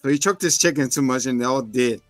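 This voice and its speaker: A man co-hosting a casual show, retelling a movie plot with lots of swearing and quick put-on voices. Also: medium pitch, no echo, faint music behind. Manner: animated storyteller, acts out voices, swears. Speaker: podcast co-host. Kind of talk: casual chat, movie recap.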